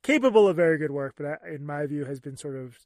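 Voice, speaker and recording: A man's voice: on the high side, animated, fast, darkish tone, dry recording, studio quality. A man co-hosting a podcast in casual chat, with a wry, sardonic manner. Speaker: podcast co-host.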